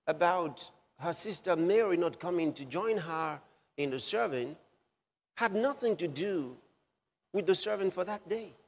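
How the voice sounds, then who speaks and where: A man's voice: on the high side, creaky. Man preaching in a reverberant hall. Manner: slow, repetitive emphasis on key phrases. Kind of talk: sermon.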